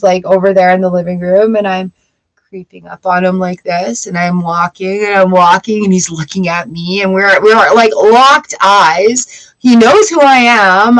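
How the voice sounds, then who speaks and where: A woman's voice: mid-range voice, rough recording. A young adult woman hosting a live tarot stream, chatting casually and telling funny stories with frequent laughter. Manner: animated storyteller, laughs often.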